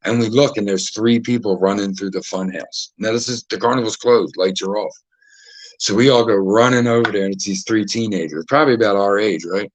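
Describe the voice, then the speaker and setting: A man's voice: fairly low pitch, fairly even intonation, brisk, dry recording, poor audio. Man telling rowdy stories. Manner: profane, acts out quoted voices. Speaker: podcast host. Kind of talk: casual storytelling.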